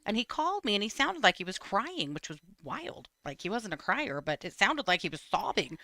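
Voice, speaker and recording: Female co-host, bright, dry sound, wry storyteller, casual chat. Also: medium pitch, big pitch swings, fairly quick, few pauses, dry recording. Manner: storytelling, wry, frequent "mm-hmm". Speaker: podcast co-host. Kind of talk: casual true crime chat.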